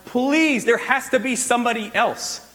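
A male preacher voicing an anxious, reluctant leader who pleads and complains in a whiny, high voice. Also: expressive, normal speed, a bit bright, big-room sound. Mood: pleading.

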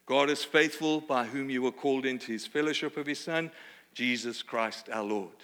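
A man from Australia with an Australian accent, preaching a sermon in a lively, conversational way with playful asides. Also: medium pitch, normal speed. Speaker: pastor. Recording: long hall reverb.

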